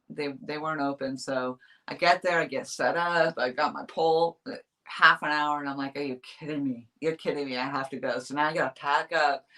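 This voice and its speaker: A woman from New Hampshire with a bright, forceful voice talks her way through a casual live stream. She rambles, restarts her sentences and laughs often while reading viewers' chat as a fishing vlogger. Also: low-pitched.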